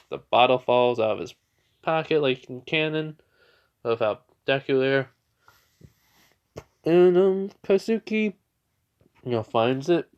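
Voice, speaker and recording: A young man casually telling a fan fiction story, rambling with fillers and restarts. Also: medium pitch.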